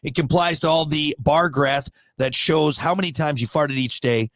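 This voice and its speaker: A man's voice: on the high side, a bit bright, no echo, clean studio sound. A man co-hosting a show, joking around in casual comedic banter. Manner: jokey, playful, quick to goof around. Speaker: radio show co-host.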